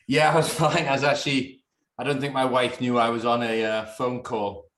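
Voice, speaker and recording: A man's voice: medium pitch, flat delivery, moderate pace, a bit bright, roomy sound. A man with a Northern English accent, chatting on a video call from a bedroom at home, rambling and laughing. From Northern England. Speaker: distillery founder. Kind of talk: casual video call chat.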